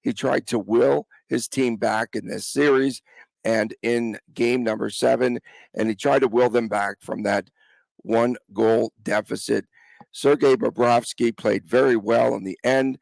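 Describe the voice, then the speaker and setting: A man's voice: medium pitch, fairly even intonation, measured pace, creaky, a little mellow, no room sound. A man with a cold hosting a casual sports podcast, chatting with his co-host and reading the intro. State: has a cold.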